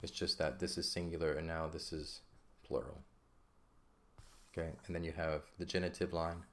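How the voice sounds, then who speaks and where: A man's voice: very deep voice, little pitch movement, normal speed, a bit bright. A man teaching an ancient Greek lesson in a patient, casual way, often checking in with "okay?". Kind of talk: casual lesson explaining grammar.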